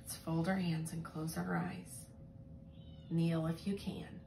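A woman telling a Bible story to young children in a gentle, expressive way, often asking them questions. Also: sits low, slow, gravelly, slight background noise. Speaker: children's Sabbath school teacher.

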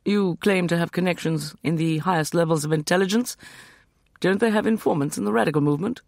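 A man's voice: on the high side, a little fast, gravelly, darkish tone, dry recording, clean studio sound, voice pushed up. A man voicing a resentful young man who speaks in terse, cutting sentences.

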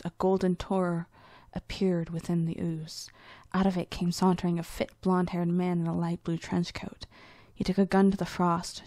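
A woman storyteller reading her own story aloud in an earnest, soft-spoken way. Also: fairly low pitch, vocal fry, dry recording. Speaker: storyteller, narrator.

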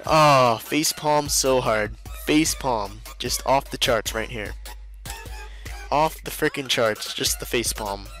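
A man's voice: medium pitch, slow, a bit bright, soft background music. A man commentating a card game video in a casual, exasperated and sarcastic way, laughing often. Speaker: video host and duel commentator.

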